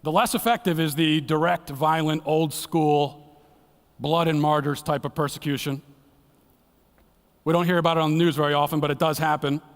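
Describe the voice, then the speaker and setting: Male guest preacher, earnest and dramatic, voice on the higher side, slips into hushed lows, church hall echo. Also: steady tone, normal speed. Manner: earnest, dramatic, drops to a hushed low voice for emphasis. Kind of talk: sermon. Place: church sanctuary. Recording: long church hall reverb.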